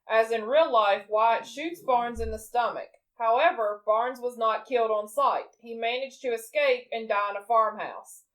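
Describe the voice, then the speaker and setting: A woman co-hosting a relaxed podcast chat, walking through a film scene by scene. Her voice sits a little high, and she laughs easily as she goes. She sounds chatty and unhurried. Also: rough recording. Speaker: podcast co-host. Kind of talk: casual movie recap chat.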